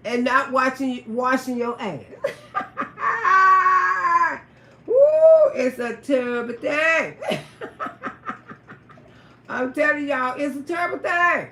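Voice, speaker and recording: A woman telling a raunchy story on a live stream, loud, profane and laughing often. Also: sits high, takes it slowly, pauses often, reverberant. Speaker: livestream storyteller.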